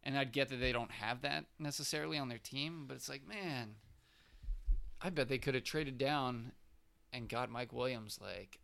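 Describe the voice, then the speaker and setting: Gravelly-voiced man giving loose opinions. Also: mid-range voice, moderate pace, fairly bright tone. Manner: loose, opinionated, slangy banter. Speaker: podcast co-host. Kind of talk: casual fantasy football chat.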